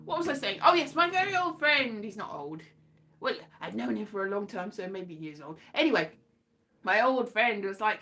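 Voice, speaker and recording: A woman's voice: fairly high pitch, expressive, brisk, sharp tone. A British woman, a comedian, chatting casually to her live-stream viewers, rambling and self-mocking, now and then breaking into sung phrases. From Britain.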